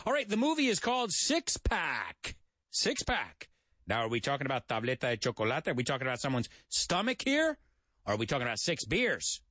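A man's voice: medium pitch, huge pitch swings, brisk, sharp tone, dry recording, studio quality. Chatty American man teaching English. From United States. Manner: chatty, jokey, repeats and spells out words. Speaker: English teacher and show host. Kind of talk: casual English lesson for Spanish speakers.

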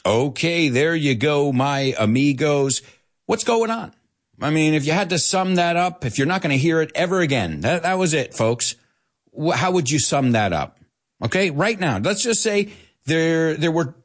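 A man hosting an English lesson in a chatty, lively way, dropping Spanish words in between and laughing often. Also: mid-range voice. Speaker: English teacher and show host. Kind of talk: live online English lesson.

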